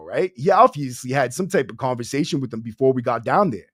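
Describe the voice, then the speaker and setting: A man's voice: fairly high pitch, big pitch swings, brisk, hardly any pauses, a bit bright, no echo, clean studio sound. A young man hosting a podcast, telling a story in a casual, streetwise, profane way, full of "bro". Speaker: podcast host. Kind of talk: casual storytelling to a livestream audience.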